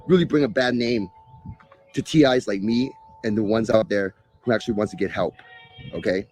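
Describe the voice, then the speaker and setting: A man's voice: fairly low pitch, moderate pace, a little mellow, a little hiss or hum. Sarcastic man ranting at his viewers. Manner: sarcastic, exasperated. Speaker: live stream host. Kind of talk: ranting casual talk to viewers.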